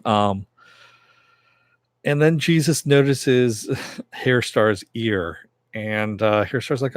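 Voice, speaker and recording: A man recaps a TV episode in a loose, rambling way, leaning on fillers and lifting his pitch whenever he quotes a character. His voice sits at an ordinary middle pitch for a man, and the sound is close and dry with no room echo. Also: takes it slowly, pauses often. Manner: rambling, many fillers, raises pitch when quoting characters. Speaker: TV episode reviewer. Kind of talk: casual spoken recap.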